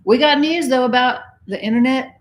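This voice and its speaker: A woman's voice: high-pitched, normal speed, slight background noise. Chatty Texan woman hosting a livestream. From Texas. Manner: chatty, reads out viewer comments and greets them. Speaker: co-host of a cruise channel livestream. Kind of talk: casual livestream chat.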